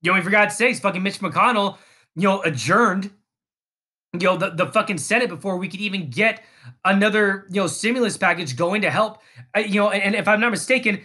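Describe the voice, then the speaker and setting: A man's voice: high-pitched, pushed and bright. A man hosting a podcast, delivering an angry, profane political rant that rambles with frequent restarts. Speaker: podcast host.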